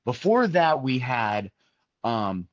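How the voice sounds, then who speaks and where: A man's voice: mid-range voice, very animated, slow, no echo. A man in his fifties being interviewed, telling casual stories with lots of fillers and restarts. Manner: rambling, many fillers and restarts. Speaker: musician, interview guest. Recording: dull, muffled sound, dry.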